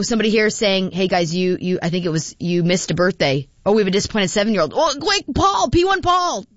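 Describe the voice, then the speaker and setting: A woman's voice: on the low side, dry recording. Morning radio host, woman, casual and laughing, reading texts in a dry, slightly muffled studio sound. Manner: chatty, laughing, with frequent fillers.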